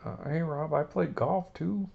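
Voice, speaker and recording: A man doing an excitable old Gerald Ford voice. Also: on the high side, measured pace, gravelly, narrow, tinny audio, noisy background, voice pushed up. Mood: excited. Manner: excitable, stammering, exclaims "oh boy". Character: old man Gerald Ford impression, eager football fan.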